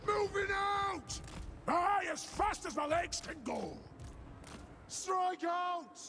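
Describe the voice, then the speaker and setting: A man voicing gruff male dwarf soldiers who bark short battle cries, as video game unit voice lines. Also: extremely high pitch, expressive, slow pace, full character voice. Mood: shouting commands. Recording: loud battle noise behind.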